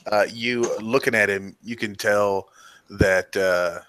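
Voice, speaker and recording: A man's voice: on the low side, fairly even intonation, takes it slowly, a bit bright, clean tone, dry recording. A man narrating a tabletop game as game master, in a loose, hedging way.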